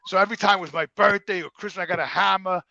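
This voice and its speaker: A middle-aged man with a New Jersey accent, his voice gravelly and bright, telling profane stories in a casual sit-down interview. He acts out every line of quoted dialogue with animation. The sound is dry and close. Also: high-pitched, steady tone, very fast, no echo, highs cut off. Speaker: guest.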